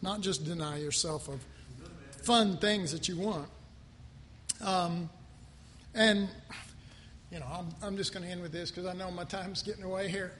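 A male pastor preaches in a high, lively voice, firing questions at his congregation and acting out the people he talks about. His voice rings through a large hall with a long reverb. A faint hum of noise sits underneath. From United States. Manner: animated, acts out quoted voices, asks the audience questions. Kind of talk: sermon. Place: church hall.

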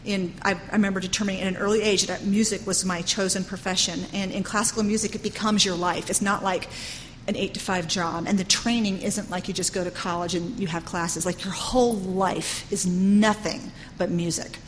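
A woman's voice: mid-range voice, steady tone, brisk, a little hiss or hum. Earnest woman preaching in a reverberant hall. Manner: earnest, conversational preaching with frequent "you know". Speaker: Bible teacher. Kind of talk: sermon. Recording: long hall reverb with faint ambience.

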